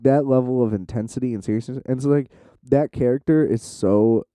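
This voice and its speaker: A man's voice: medium pitch, warm tone, smooth, no room sound, studio quality. A young man rambling casually to the camera in a loose, profane way, with lots of "like" and restarts. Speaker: vlogger.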